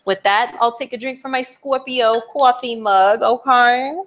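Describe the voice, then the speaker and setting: A young woman astrologer giving a casual, chatty forecast to her viewers, animated, with playful exclamations and frequent fillers. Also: fairly high pitch, measured pace.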